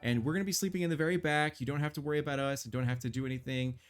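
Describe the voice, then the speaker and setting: A man voicing a welcoming female carriage hostess in a tabletop game, in a casual, halting way full of fillers. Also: fairly high pitch, clean tone, close to an everyday voice.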